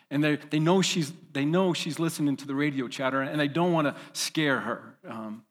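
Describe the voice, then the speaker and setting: A man's voice: mid-range voice, a bit bright, big-room sound. A man preaching as a pastor, vividly telling a long story with fillers and restarts. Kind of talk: storytelling sermon.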